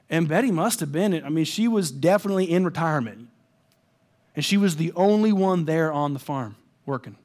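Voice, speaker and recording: A man preaching a sermon, with a high, lively voice. He tells a story in a casual, self-deprecating way, then turns to earnest exhortation. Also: a little fast. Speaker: pastor.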